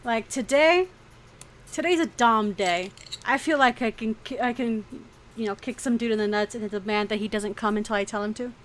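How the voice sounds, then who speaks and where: Woman streamer, higher voice, casual and frank, swears freely. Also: moderate pace, a little hiss or hum. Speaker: streaming artist. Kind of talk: casual chat during a drawing stream.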